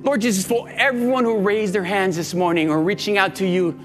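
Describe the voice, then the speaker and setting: A pastor with a notably high male voice leads his church in prayer, earnest and pleading, repeating phrases for emphasis. Soft music plays faintly underneath. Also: steady tone, brisk. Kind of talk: sermon and altar-call prayer.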